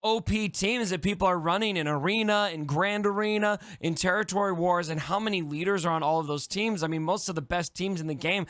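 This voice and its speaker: A man appearing as a guest, talking enthusiastically and excitedly about game strategy. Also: sits high, brisk, few pauses, dry recording, studio quality. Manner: excited, animated, hyped. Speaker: guest content creator. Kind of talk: enthusiastic gaming discussion.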